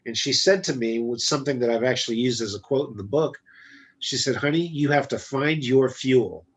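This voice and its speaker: A man's voice: medium pitch, a little fast, breathy edge. A man, a business guest, telling a personal story in a casual interview, bluntly acting out the dialogue. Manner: blunt, animated retelling with quoted dialogue. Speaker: guest entrepreneur.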